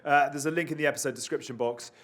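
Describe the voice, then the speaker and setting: A man hosting a rugby podcast in front of an audience, running through introductions and plugs in a brisk announcer manner. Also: fairly high pitch, steady tone, a bit bright. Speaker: podcast host.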